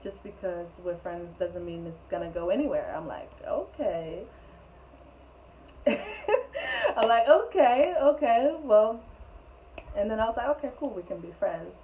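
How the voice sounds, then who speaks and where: A young woman, a storytelling vlogger, rambles through a casual storytime and laughs often along the way. Her voice sits fairly low and moves a little fast with few pauses. The recording sounds tinny, like a phone, with faint noise.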